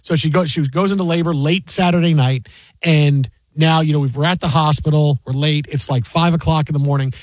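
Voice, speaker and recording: High-voiced animated radio host. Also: male voice, brisk, no echo. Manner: animated storyteller, acts out quotes. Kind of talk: casual sports radio chat.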